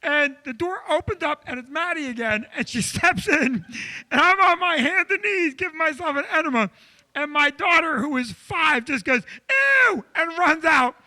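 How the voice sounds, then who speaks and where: On a comedy club stage, a male comedian hosts a live show and tells an animated, self-deprecating story. His voice is very high and his pace moderate.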